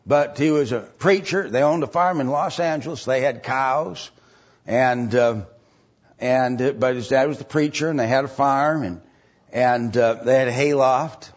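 A male preacher telling a story in his sermon, rambling with many fillers and restarts. His voice is husky. The lo-fi recording sounds dull. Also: medium pitch, measured pace.

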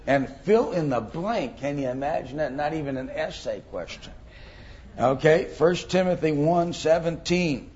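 A man's voice: mid-range voice, a little mellow, highs cut off. A middle-aged man teaching a Bible class, thinking aloud with many ums and rhetorical questions.

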